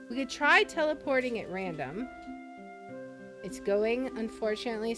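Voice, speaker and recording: A woman streamer chatting casually as she plays, thinking aloud in an unhurried way. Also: mid-range voice. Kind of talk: casual gameplay commentary.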